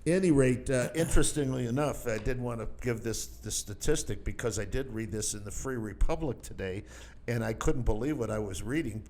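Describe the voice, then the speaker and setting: A man's voice: mid-range voice, fairly quick, a little mellow, a little hiss or hum. A man co-hosting a political talk radio show, teasing dryly and reading out news items. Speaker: radio co-host.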